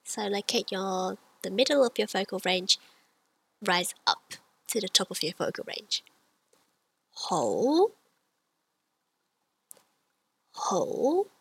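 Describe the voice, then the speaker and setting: Breathy, bright-voiced woman teaching slowly. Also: medium pitch, fairly even intonation, dry recording, poor audio. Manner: patient, demonstrative, drawing out example sounds. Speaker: language teacher. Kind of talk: slow, clear language lesson.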